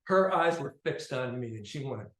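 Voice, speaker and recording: A man's voice: mid-range voice, moderate pace. Man telling a story in a roomy echo. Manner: conversational, animated, swings between loud and quiet. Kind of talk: personal storytelling.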